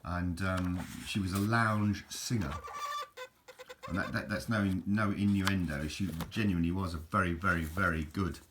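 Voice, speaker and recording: A man's voice: low-pitched, steady tone, moderate pace, background noise. An Englishman, chatting casually over photos in a rambling, hesitant way with frequent restarts. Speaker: video host.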